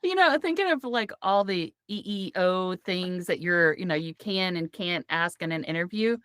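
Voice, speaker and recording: A woman's voice: fairly low pitch, expressive, normal speed, fairly bright tone, smooth, no room sound, clean studio sound. A woman hosting a podcast, chatting casually, telling stories and laughing often. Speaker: podcast host.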